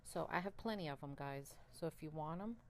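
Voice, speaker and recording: A woman vlogging about her worms, chatty and excitable, laughing often, a little out of breath. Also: low-pitched, a little fast, a little hiss or hum. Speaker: worm farmer and channel host. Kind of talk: casual chat to camera while handling worms.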